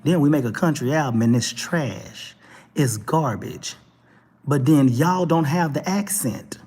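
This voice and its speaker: A Texan man hosting a talk show, delivering an animated, preachy monologue with mocking asides. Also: fairly high pitch, a little slow, breathy edge, in a large hall. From Texas. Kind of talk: opinionated monologue.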